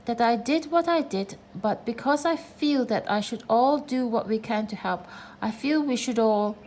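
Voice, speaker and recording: A woman voicing a gloomy old donkey who speaks slowly and self-importantly. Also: fairly high pitch, darkish tone, a little hiss or hum, lightly acted. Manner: slow, mournful, self-important.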